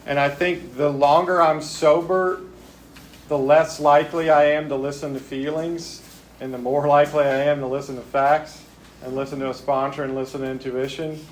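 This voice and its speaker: A man's voice: a little high, level tone, normal speed, a little hiss or hum. Easygoing man reflecting on sobriety. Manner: reflective, plain-spoken, easygoing. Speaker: AA speaker. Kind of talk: recovery talk at a retreat. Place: retreat gathering.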